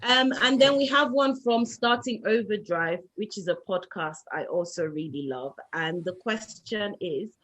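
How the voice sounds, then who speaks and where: A woman's voice: medium pitch, fairly bright tone. A woman, co-hosting a podcast and steering a casual group chat through listener questions. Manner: brisk, steers the talk along.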